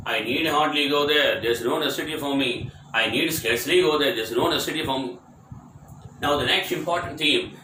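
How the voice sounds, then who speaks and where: With a sharp tone and medium pitch, a man teaches English grammar, running short example sentences over and over with emphatic repetition. The lecture is captured by a distant microphone in an echoey room, and a little hiss or hum can be heard.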